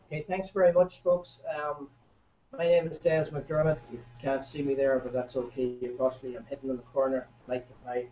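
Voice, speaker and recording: A man's voice: medium pitch, normal speed. Hesitant man introducing a speaker. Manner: relaxed, hesitant, with many ums. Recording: distant lo-fi recording with faint noise.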